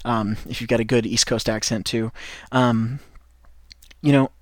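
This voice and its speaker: A man's voice: medium pitch, flat delivery, unhurried, dry recording. Encouraging Midwestern American man, dry sound. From United States. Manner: encouraging, rambling, with frequent restarts. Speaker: English teacher and podcast host. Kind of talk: podcast lesson for French learners.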